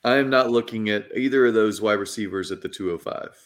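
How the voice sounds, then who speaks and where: A man's voice: fairly low pitch, quick pace. A man co-hosting a casual podcast, explaining his moves in a methodical, detailed way. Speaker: podcast co-host.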